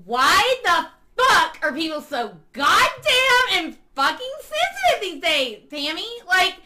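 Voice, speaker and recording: A woman playing a crude, excitable female superfan who swears constantly and talks dramatically. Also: extremely high pitch, slow pace, exaggerated voice. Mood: indignant. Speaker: fan club member. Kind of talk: comedy sketch acting.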